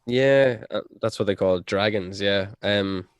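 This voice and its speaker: A man's voice: lowish voice, measured pace, clear, resonant tone, dry recording. A man co-hosting a casual podcast who reads old passages aloud and chats in a laid-back way, swearing freely and laughing often. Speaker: podcast co-host. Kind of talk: casual chat and reading aloud.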